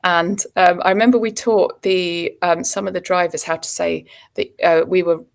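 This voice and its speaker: A woman's voice: fairly low pitch, steady tone, normal speed, vocal fry. A woman, an actor chatting as a guest and telling anecdotes with frequent ums and laughs. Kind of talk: casual interview chat.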